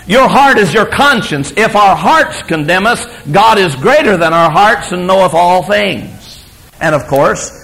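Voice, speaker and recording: Preacher guy, gravelly voice, swoops up and down a lot, emphatic then hushed. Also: a little high, rough recording. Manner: emphatic, storytelling, swings between loud and hushed. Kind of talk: sermon.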